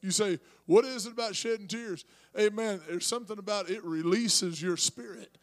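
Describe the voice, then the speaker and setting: Pastor, male, high voice, conversational sermon with loud peaks. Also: normal speed. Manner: rising to shouted preaching; talks to congregation with asides.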